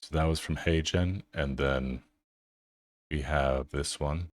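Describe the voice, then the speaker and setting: Very deep-voiced man thinking aloud. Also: steady tone, slow. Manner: loose, thinking aloud with fillers. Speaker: tech channel host. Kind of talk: casual screen-recording commentary.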